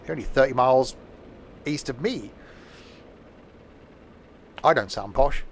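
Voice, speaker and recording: A man's voice: medium pitch, a little slow, gravelly, a little hiss or hum. A man streaming a train simulator live, chatting and rambling as he counts off the stops. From England. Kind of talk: live game commentary.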